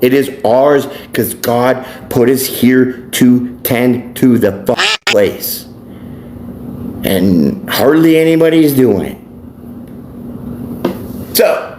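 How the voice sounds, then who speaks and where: Speaking at medium pitch with a slightly mellow tone, a tarot reader and life coach delivers a profane vlog monologue. He's blunt and preachy, and the echoey room carries a faint background hum.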